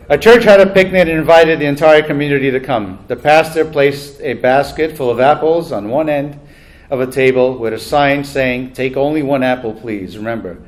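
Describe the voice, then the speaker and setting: A man's voice: mid-range voice, moderate pace. Chatty man emceeing a banquet. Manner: self-deprecating, chatty, laughs at own jokes. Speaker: master of ceremonies. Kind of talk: telling jokes at a banquet. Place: banquet hall.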